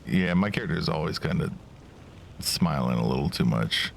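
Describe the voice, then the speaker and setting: A man's voice: very deep voice, lively intonation, moderate pace, creaky, slight background noise. A male streamer giving laid-back, amused commentary while playing a game. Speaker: VTuber streamer.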